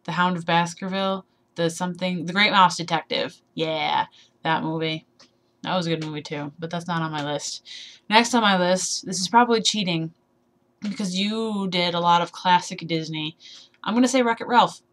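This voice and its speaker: Young woman, 21, lowish voice, rambling, self-deprecating, giggly, sleep deprived, casual vlog chat. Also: moderate pace, a bit bright. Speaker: vlogger. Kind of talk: casual tag video chat.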